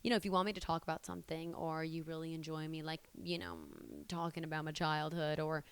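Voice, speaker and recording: Smooth-voiced chatty woman in her twenties. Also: low-pitched, little pitch movement, fast talker. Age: 20s. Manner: chatty, rambling, conversational. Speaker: vlogger and stand-up comedian. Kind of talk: casual chat to camera.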